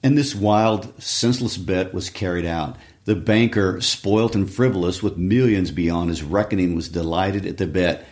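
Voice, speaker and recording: A man co-hosting a show, reading a story aloud and discussing it in a measured, reflective way. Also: sits low, a little mellow. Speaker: co-host.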